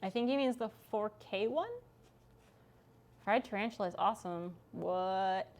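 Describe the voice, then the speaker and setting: A young adult woman streams while working, chatting casually with her viewers and swearing freely. Her medium-pitched voice is a little mellow and measured in pace.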